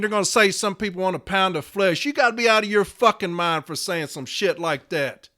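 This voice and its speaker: A man's voice: sits high, a little fast, pushed and bright. A man in his fifties, a podcast host and letter carrier, delivering a furious, profane, confrontational rant. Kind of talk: angry rant.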